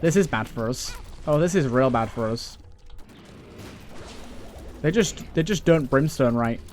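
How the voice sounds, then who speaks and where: A man's voice: medium pitch, lively intonation, measured pace, faint music behind. A young man giving casual, joking commentary while he plays a video game, grumbling and swearing at it. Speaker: let's play gamer.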